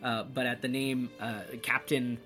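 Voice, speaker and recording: A male game master narrates a fantasy tabletop session at a middling pitch. He describes the scene in a lively, chatty way, with faint music playing behind him. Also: unhurried. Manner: lively, descriptive, laughs often.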